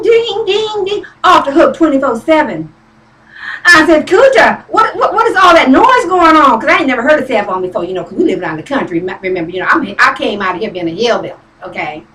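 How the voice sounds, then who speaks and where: A woman's voice: sits high, sharp tone. Give me a sassy, folksy woman telling a comic story, heard from a distance in a roomy space. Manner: sassy and folksy, calls listeners honey. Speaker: comedian.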